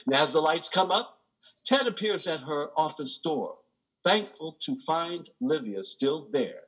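A man narrating stage directions in a slow, careful reading. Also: on the high side, lively intonation, sharp tone, breathy edge, rough recording.

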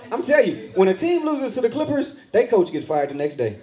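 A man's voice: high-pitched, brisk, hardly any pauses. A man doing stand-up on a comedy club stage, acting out quoted voices. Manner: animated, acts out quoted voices. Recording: live club with loud crowd laughter. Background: crowd laughing.

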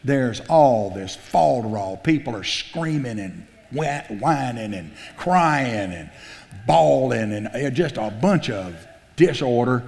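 A man preaching a sermon in a church sanctuary, his voice ringing through a long hall reverb. He sits at a middle pitch and keeps a folksy, animated delivery, acting out the quotes and restarting his phrases. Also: takes it slowly, gravelly. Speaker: pastor.

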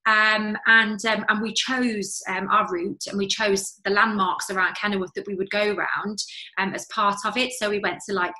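A woman's voice: medium pitch, flat delivery, moderate pace, bright, forceful tone, rough recording. A woman, in her thirties, earnestly telling her story as an interview guest, with many fillers and restarts. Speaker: interview guest, charity fundraiser. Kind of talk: conversational interview.

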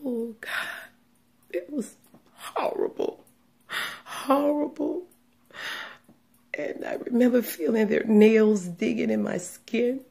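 A woman giving a personal religious testimony, speaking in a hushed, trembling way that often sinks into a whisper, close to tears. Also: fairly high pitch, slow pace, vocal fry, long pauses. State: tearful, on the verge of crying.

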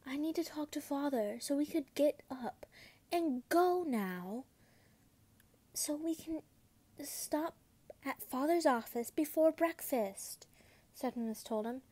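Slow, giggly young woman reading fanfiction. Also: high-pitched, lively intonation, darkish tone, no echo. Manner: casual, giggly, stumbles over words. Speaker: fanfiction reader.

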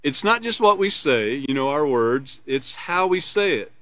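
A man's voice: fairly high pitch, big pitch swings, moderate pace, pushed and bright, dry recording. Earnest male instructor, dry close sound. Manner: earnest, explanatory, laughs and smiles while teaching. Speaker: character education instructor. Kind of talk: live online class, reading from a course manual and explaining.

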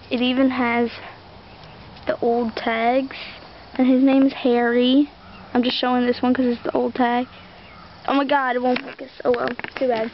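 A woman's voice: sits high, muffled recording, a little hiss or hum. A young woman chatting casually outdoors, rambling as she shows off a collection. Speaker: vlogger showing a toy collection. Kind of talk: casual show-and-tell.

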